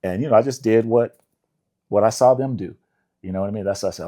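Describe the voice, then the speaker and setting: An older man from Indianapolis, a songwriter being interviewed, telling relaxed stories with laughter and acting out the voices of people he quotes. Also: on the low side, brisk, pauses often. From Indianapolis, USA. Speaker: songwriter guest.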